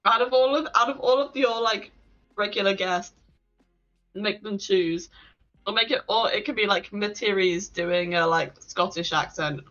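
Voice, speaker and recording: Bubbly northern guest with a bright voice. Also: medium pitch, lo-fi sound, faint music behind. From northern England. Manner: bubbly, enthusiastic, quick to react. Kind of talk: casual chat.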